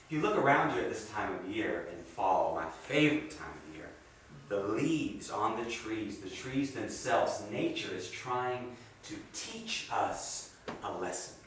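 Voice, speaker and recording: A man giving a sermon with a guided meditation at a spiritual center, his delivery swinging between hushed and emphatic. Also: mid-range voice, sing-song, slow. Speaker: guest speaker at a spiritual center. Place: meeting hall of a spiritual center. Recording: echoey hall from far off, faint noise.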